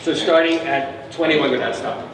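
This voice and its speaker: A man's voice: on the high side, normal speed. Playful man coaching a concert audience. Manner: playful, encouraging, imitates animal sounds. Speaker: composer leading a family concert. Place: large concert hall. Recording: echoey hall recorded from far off.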